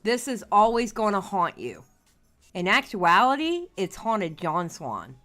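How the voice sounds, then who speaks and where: A woman's voice: mid-range voice, very animated, measured pace, a bit bright, faint music behind. A woman hosting a reaction commentary, exasperated and repeating herself as she insists she won't get angry. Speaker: commentary channel host.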